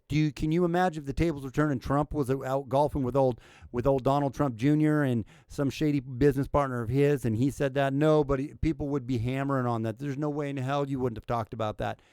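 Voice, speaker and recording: A man's voice: medium pitch, a little fast, a little mellow, dry recording, studio quality. A man hosting reaction commentary over news clips in a sarcastic, blunt way, swearing casually. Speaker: political commentary host.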